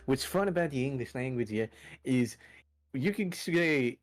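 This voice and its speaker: A man's voice: mid-range voice, expressive, unhurried, no room sound. A young man streaming and chatting casually with friends, self-deprecating and jokey, with rambling restarts.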